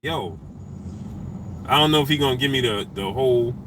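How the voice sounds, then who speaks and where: A man hosting a boxing talk stream, repeating himself emphatically and shouting out viewers by name. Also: medium pitch, rapid-fire, slight background noise, rough recording. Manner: animated, repetitive, emphatic street talk. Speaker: boxing talk show host.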